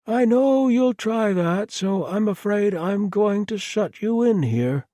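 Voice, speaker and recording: For an audiobook character, a man raises his voice above its natural pitch to play a polite, cheerful male murderer with no remorse. His delivery is expressive, slow and mellow, chirpy and apologetic yet strangely reasonable, in studio-quality sound with no echo.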